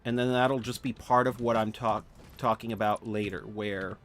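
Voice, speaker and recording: In a lowish voice with fairly even intonation and a normal pace, a yawning, sleepy man gives casual live commentary on his gameplay while streaming. He muses aloud, restarting often and using lots of fillers.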